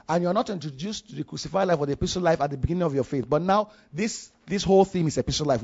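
A man's voice: on the high side, a little mellow, breathy edge, lo-fi sound. A man preaching a sermon, restarting phrases and asking his listeners questions. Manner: repeats and restarts phrases, asks the congregation questions.

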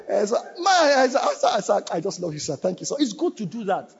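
A man preaching a sermon, animated, mimicking church members and breaking into shouts. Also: extremely high pitch, fast, gravelly, few pauses, slightly rough. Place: church hall. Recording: dull recording with long hall reverb.

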